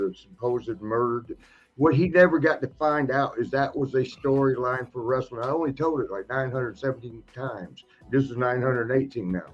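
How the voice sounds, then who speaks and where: A man with a husky, breathy voice tells stories in a loose, laughing way and slips into other people's voices to act them out. The sound is dull and lo-fi, with faint music under it. It comes across as a podcast chat. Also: medium pitch. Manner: laughing, animated storyteller acting out other people. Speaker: podcast guest, retired wrestler. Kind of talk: casual storytelling chat.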